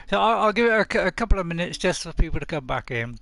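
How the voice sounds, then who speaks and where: A man's voice: high voice, animated, fairly quick, vocal fry, fairly bright tone, dry recording. A man live-streaming a game from home, chatting casually and rambling with little chuckles, close to his desk mic. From United Kingdom. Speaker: gaming streamer. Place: home room.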